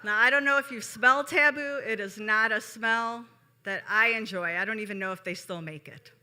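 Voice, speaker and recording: On stage, a Chicago woman chats her way through a personal story, often turning to the audience with asides. She speaks at a moderate pace in a fairly high voice with a sharp tone, and the piece is live storytelling from Chicago, USA.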